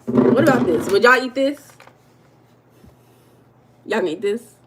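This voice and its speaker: A woman's voice: on the high side, expressive, unhurried, heavy background noise. A woman hosts a casual livestream. She teases her viewers in a playful way and asks them the same question over and over. Her talk stays loose and chatty. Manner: playful, teasing, repeats questions to the chat. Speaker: life coach and livestream host.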